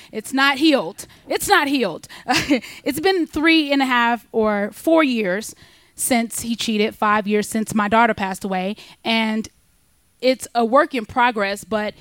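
Candid, animated woman comedian sharing a story. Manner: candid, animated, jumps high in pitch for quoted voices, laughs between lines. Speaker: stand-up comedian. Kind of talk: personal storytelling on stage.

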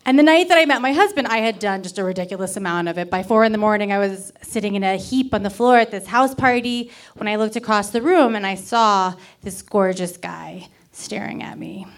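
A woman from Miami in her thirties telling a candid personal story to a live audience, with wry, deadpan comic timing. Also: mid-range voice, moderate pace. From Miami, Florida.

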